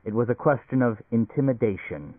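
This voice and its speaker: A man reading a novel aloud as a steady, measured audiobook narrator. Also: mid-range voice, dry recording. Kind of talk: scripted narration. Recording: tinny phone-like recording.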